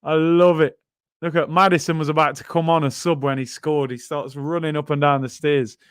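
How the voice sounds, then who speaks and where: Guy doing a footy watchalong, slangy chatty, smooth clear voice, dry sound. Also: a little high, dry recording. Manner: chatty, slangy, reads out viewer comments. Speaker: football watchalong host. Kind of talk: casual live-stream chat and commentary.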